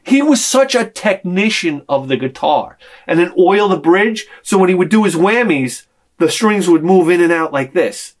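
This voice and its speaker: A man's voice: high-pitched, lively intonation, moderate pace. A man hosting his own video channel, ranting in a profane, rambling, emotional way. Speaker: vlog host. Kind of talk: casual ranting monologue.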